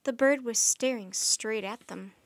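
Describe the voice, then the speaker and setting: High-voiced woman reading a storybook. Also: no echo. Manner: gentle, friendly, unhurried storytelling. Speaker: children's storytime reader. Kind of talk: reading a children's chapter book aloud.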